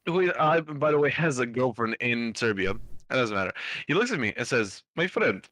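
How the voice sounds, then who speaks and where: A man's voice: medium pitch, lively intonation, normal speed, a bit bright, no room sound. A young man telling a long story on a podcast in a loose, rambling way, with lots of fillers and casual swearing. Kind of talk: casual storytelling among friends.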